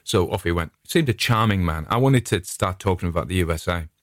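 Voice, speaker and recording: This is casual rambling chat from a middle-aged English man who hosts his own podcast, a friendly storyteller who drifts off on tangents. He sits low in pitch with lively intonation and a slightly fast pace. The recording is dry and studio quality.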